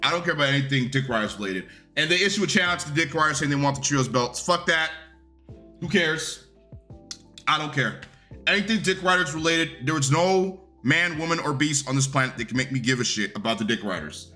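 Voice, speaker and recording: A man's voice: on the high side, brisk, pushed and bright, soft background music. A man reviewing a wrestling show in a casual recap rant, blunt, profane and dismissive.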